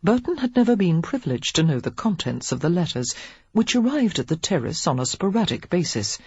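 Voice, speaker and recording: An audiobook narrator reads in a steady, measured storytelling voice. The voice is husky, and the recording is dry and dull with little room sound. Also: mid-range voice, no echo.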